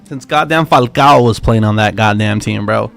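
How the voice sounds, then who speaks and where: A young man with a gravelly, fry-laced voice, rambling through a casual live-stream chat. He curses freely and talks in excitable, slangy bursts. Soft music plays faintly underneath. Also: fairly low pitch, normal speed. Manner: profane, excitable, slangy banter. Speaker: livestream trading host.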